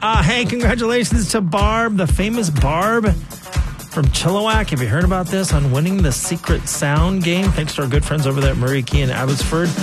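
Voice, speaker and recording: A chatty male radio host talks through his segment with a light, playful edge, tossing in quick asides. His voice sits a little high for a man. A music bed plays steadily under him. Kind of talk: upbeat radio banter.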